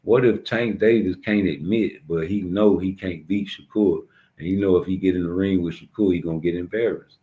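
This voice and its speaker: A man's voice: sits low, moderate pace, warm tone, rough recording. A young adult man, ranting bluntly and profanely in street slang as a commentator. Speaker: YouTube commentator. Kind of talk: casual ranting monologue.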